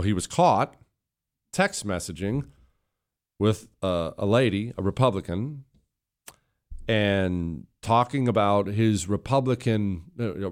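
A man hosting a talk radio show at a studio microphone, speaking in an indignant, emphatic and sarcastic way. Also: fairly low pitch. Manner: indignant, emphatic, sarcastic, reads quotes in a raised voice. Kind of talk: opinion talk radio monologue.

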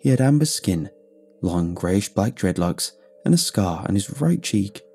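A man narrating a scripted first-person story in an expressive storytelling way. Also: sits low, a little slow, vocal fry, slightly rough, faint music behind.

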